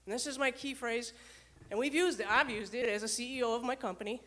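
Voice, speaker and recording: A woman who coaches leaders gives a lively motivational talk to a live audience. She asks the crowd questions and tells stories from her days as an emergency dispatcher. Her voice sits a little high. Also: fast talker.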